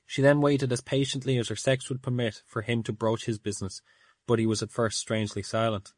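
A man narrating a classic story in a measured, steady audiobook reading. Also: medium pitch, no room sound, clean studio sound.

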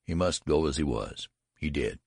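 Very deep, gravelly male narrator. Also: lively intonation, normal speed, dry recording, studio quality. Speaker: audiobook narrator. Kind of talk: scripted narration.

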